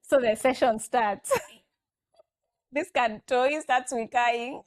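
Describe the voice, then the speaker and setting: A woman in her thirties, speaking as a guest in a relaxed conversation. She talks in a chatty, storytelling way and acts out the lines other people said. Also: fairly high pitch, takes it slowly. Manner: chatty anecdotal storytelling, acting out quoted lines. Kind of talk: casual chat.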